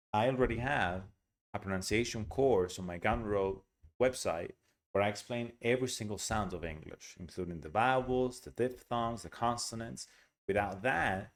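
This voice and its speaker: Chatty man teaching English reading. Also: fairly low pitch. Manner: chatty, explains words and pronunciation as he reads. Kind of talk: casual reading lesson.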